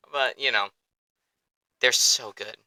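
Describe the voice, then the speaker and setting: A young man hosting a sports podcast in an excitable, rambling, profane way, close to the mic. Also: mid-range voice, smooth, dry recording, rough recording. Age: young adult. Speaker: podcast host. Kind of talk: casual chat.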